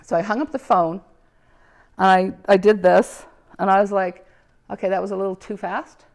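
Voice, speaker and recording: Woman, gravelly, animated storyteller who plays out the dialogue. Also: mid-range voice, moderate pace. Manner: animated, acts out quoted dialogue, frequent laughs. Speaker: speaker telling her own story. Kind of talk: casual personal storytelling.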